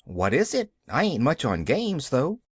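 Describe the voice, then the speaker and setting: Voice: medium pitch, huge pitch swings, a little slow, slightly rough, no echo, studio quality, pitched above the performer's own voice, exaggerated voice. A reader voicing Nancy, a flustered rural servant woman who talks in folksy dialect. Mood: fretful.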